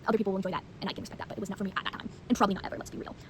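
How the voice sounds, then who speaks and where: A woman's voice: mid-range voice, steady tone, racing, a little hiss or hum, low-quality recording. A teenage girl chatting casually about books she has read, rambling with lots of fillers and blunt opinions. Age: teens. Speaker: vlogger. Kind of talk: casual book review chat.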